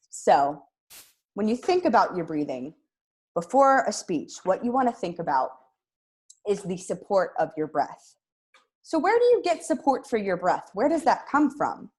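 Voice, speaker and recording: A young woman gives a public speaking lesson in a fairly low voice. She talks clearly and with upbeat energy, pausing to demonstrate as she explains. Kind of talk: instructional lesson to camera.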